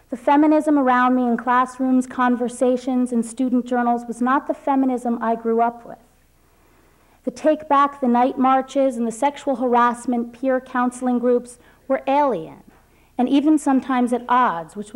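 Hoarse young woman giving a lecture. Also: a little high. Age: 20s. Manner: reads a prepared text, soft and measured. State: hoarse, losing her voice. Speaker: guest speaker. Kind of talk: prepared lecture. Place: lecture hall.

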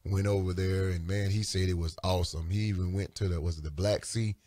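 A man co-hosting a radio talk show, talking in an emphatic, colloquial and animated way. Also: low-pitched, quick pace, dry recording, studio quality. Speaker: radio co-host. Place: radio studio.

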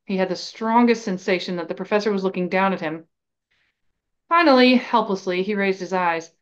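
A woman's voice: medium pitch, fairly quick, muffled recording. Woman reading a story aloud. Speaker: reader and podcast host. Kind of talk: reading a fan novel aloud.

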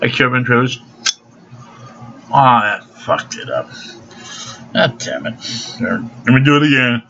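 Ranting older man, bright lo-fi sound. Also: mid-range voice, very animated, unhurried, creaky, a little hiss or hum. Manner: profane, rambling, aggrieved. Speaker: vlogger. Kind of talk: angry ranting monologue. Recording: dull lo-fi home video sound.

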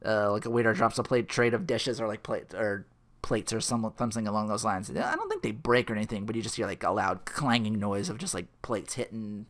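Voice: medium pitch, lively intonation, a little fast. A reader retelling a film script in a casual, rambling way with many fillers and restarts. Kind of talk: casual script read-aloud.

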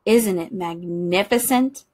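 A woman voicing a timid, fussy male goose in a children's storybook reading, worried and slow, drawing out her words. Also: high voice, sing-song, fairly bright tone, breathy edge, exaggerated voice. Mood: anxious.

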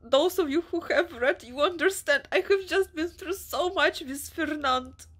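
A woman with a high, unhurried, slightly bright voice speaks emotionally about her reading in a book vlog. She is overwrought and repeats herself, sometimes dropping to a whisper.

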